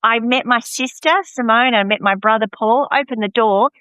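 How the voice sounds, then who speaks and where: A woman's voice: fairly high pitch, fairly even intonation, normal speed, sharp tone, smooth, no echo. A woman, a podcast guest candidly telling her own life story. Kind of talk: casual podcast chat. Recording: slightly dull, muffled audio.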